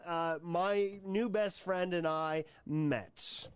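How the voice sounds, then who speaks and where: A man streaming live, telling a rambling deadpan story with many restarts and fillers. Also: sits high, drawn-out words, a little hiss or hum. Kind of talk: casual storytelling on a livestream.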